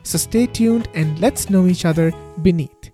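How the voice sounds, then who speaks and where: Indian guy reading his podcast intro, mellow dark voice, soft guitar underneath. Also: sits high, unhurried. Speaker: podcast host. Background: faint guitar music.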